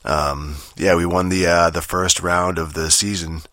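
A man's voice: sits low, little pitch movement, a little slow, sharp tone, no room sound. A young man rambling through a casual, profane gaming rant, full of fillers and restarts. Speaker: gamer vlogger.

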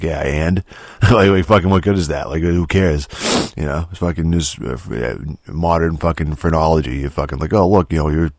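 Grumpy, deep-voiced man ranting in his thirties. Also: a little mellow, no echo, clean studio sound. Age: 30s. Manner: grumpy, swearing constantly, halting restarts. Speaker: podcast host. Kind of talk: profane rant monologue.

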